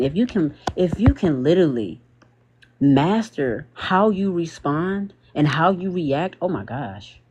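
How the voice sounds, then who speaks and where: A young man speaking in a casual livestream monologue, animated and slangy, laughing often as he talks. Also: fairly high pitch, a little slow, highs cut off, a little hiss or hum. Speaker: TikTok live host.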